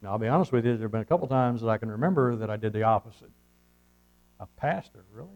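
A man's voice: fairly low pitch, racing, darkish tone, dull audio. A man preaching a sermon, telling folksy stories and calling out for amens. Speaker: pastor.

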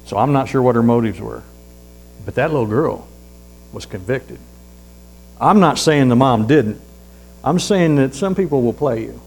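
Gravelly preacher, folksy storytelling. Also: male voice, medium pitch, expressive, normal speed, long pauses, rough recording. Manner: folksy storytelling, rising loud on points then dropping to hushed asides. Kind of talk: sermon. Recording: faint mains hum.

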